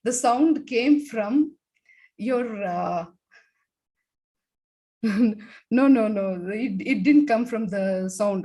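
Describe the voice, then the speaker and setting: Slow-talking woman leading laughter exercises. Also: a little high. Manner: leads the group, demonstrating laughter sounds with loud bursts; talks with many fillers. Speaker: laughter yoga expert. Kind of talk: guided laughter exercise talk.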